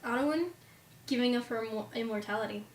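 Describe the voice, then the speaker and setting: A woman's voice: fairly high pitch, fairly quick, reverberant, distant mic. A woman co-hosting a casual podcast, asking questions and laughing easily. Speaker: podcast co-host.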